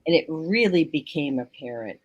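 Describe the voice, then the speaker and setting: Woman telling a story, lower voice. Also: normal speed, dry recording, lo-fi sound. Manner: animated storyteller, acts out quotes. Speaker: guest. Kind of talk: casual radio talk. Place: home bedroom.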